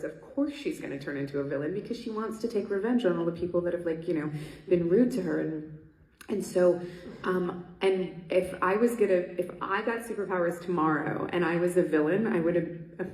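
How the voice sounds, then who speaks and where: A woman's voice: on the low side, moderate pace, darkish tone. A woman talking as a panel guest at a convention, chatty and laughing, with many ums and restarts. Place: convention stage hall. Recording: echoey hall.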